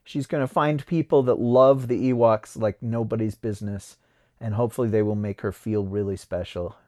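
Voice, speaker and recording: A man's voice: on the low side, fairly even intonation, normal speed, dark tone. A man hosting a podcast, chatting casually and reading names off a list while looking them up. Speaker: podcast host. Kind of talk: casual chat.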